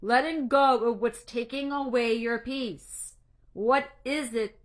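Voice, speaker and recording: A woman coach talks slowly and earnestly about faith and finding peace, her voice a little high. She is emotional and close to tears, and she often stumbles and restarts her sentences. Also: steady tone. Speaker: anxiety coach. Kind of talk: faith-based encouragement talk.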